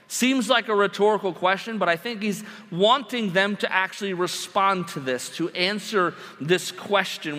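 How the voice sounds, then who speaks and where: Pastor, male, high voice, emphatic sermon delivery, long church reverb. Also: fairly bright tone. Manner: emphatic, asks the congregation rhetorical questions. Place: church sanctuary.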